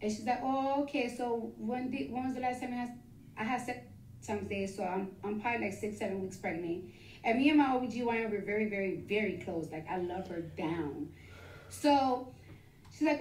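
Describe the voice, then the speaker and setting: A woman casually telling a personal story, rambling and rapid, with many restarts and the odd curse. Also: on the high side, a little mellow, a little hiss or hum. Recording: echoey, from far off the mic.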